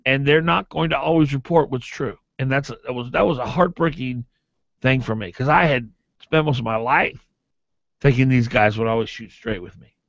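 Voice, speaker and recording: A man hosts a morning talk radio show from a radio studio, reading ads and arguing his opinions in an emphatic, animated, argumentative way. His mid-range voice is gravelly, at normal speed. The dry recording sounds like a dull AM radio broadcast.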